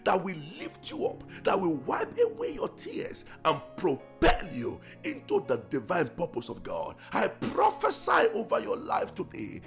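Gravelly, fervent male preacher praying. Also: high-pitched, wildly swooping pitch, unhurried, few pauses, faint music behind. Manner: impassioned, repetitive pleading, bursts into tongues. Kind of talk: fervent prayer and prophetic exhortation.

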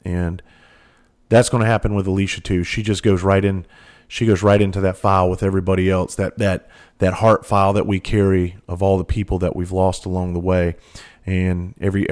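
A man's voice: low voice, darkish tone. A man speaking in a candid monologue, earnest and blunt, with casual cursing and repeated phrases. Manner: earnest, heartfelt storytelling. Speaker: trainer for first responders.

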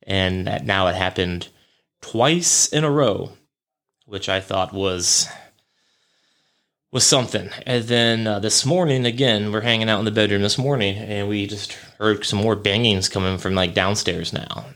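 A man's voice: lowish voice, measured pace, fairly bright tone. A young man hosting a podcast, rambling through a casual story with lots of fillers, swearing and chuckles. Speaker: podcast host.

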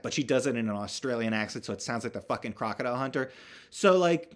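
A man's voice: medium pitch, lively intonation, quick pace. A young man hosting a podcast, recapping a film in a rambling, sardonic way with lots of fillers and restarts, sometimes swearing for emphasis. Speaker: podcast host.

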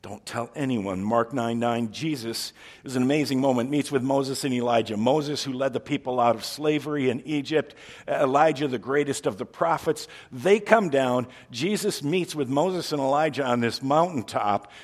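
A man preaching a sermon as a pastor, telling stories with lively energy and acting out the people he quotes. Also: medium pitch, normal speed.

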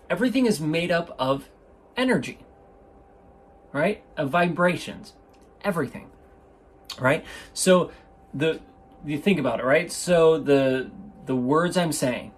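A man's voice: on the high side, slightly rough. A man hosting a podcast, chatting casually and enthusiastically, rambling and often restarting his sentences, recorded on a microphone in an indoor room. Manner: enthusiastic, rambling, self-interrupting. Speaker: podcast host. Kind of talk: casual solo podcast talk. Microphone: studio microphone.

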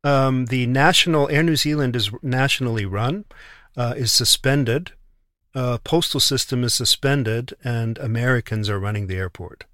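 A man recounts a journey in an indignant, casual way, often doubling and restarting his words. His voice sits at an ordinary middle pitch. The recording is close and dry. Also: normal speed, fairly bright tone, no echo. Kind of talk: casual storytelling.

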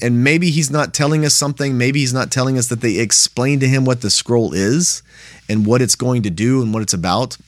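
A man's voice: mid-range voice, fairly bright tone, dry recording, studio quality. A man teaching a Bible study in a plain, conversational way, often checking in with "right?".

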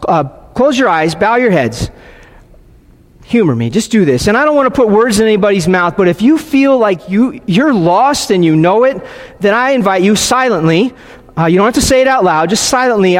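A man preaching a sermon, leading a silent prayer and reading scripture in an earnest, pausing way with frequent restarts. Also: high voice, lively intonation. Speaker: pastor. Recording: long hall reverb.

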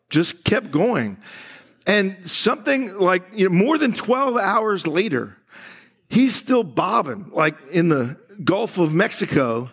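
A man preaching at a church service, talking slowly and casually. His voice sits a bit high and has a gravelly edge. He often stumbles over his opening words and starts his sentences again. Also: a bit bright. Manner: conversational, laughing often, acting out quoted voices; frequent restarts and stammered starts. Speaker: pastor. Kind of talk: sermon.

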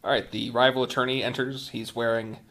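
A man with a Midwestern accent, narrating and running a tabletop role-playing game in a relaxed, wry way. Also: medium pitch, fairly quick. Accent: Midwestern American. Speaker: game master.

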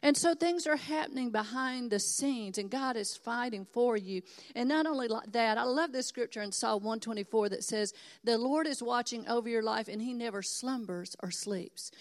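Woman pastor, sermon, emphatic, encouraging, from Texas, older, fairly high voice. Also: normal speed, hardly any pauses. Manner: earnest, encouraging, emphatic preaching.

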